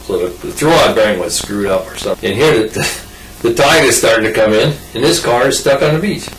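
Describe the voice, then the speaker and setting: A man's voice: medium pitch, lively intonation, brisk, a bit bright, distant mic, a little hiss or hum. An older man telling a rambling, folksy personal story in casual oral-history style, full of restarts and asides. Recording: roomy sound from off mic.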